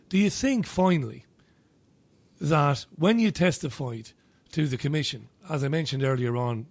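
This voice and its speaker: A man's voice: mid-range voice, a little mellow, dry recording. A male host asking interview questions in an earnest, sincere manner.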